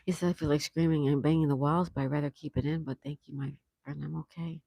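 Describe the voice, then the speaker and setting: A woman's voice: low voice, steady tone, quick pace, gravelly, dark tone, no echo. A woman hosting a casual livestream outdoors, chatty and affectionate, reading viewer comments aloud. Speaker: livestream host.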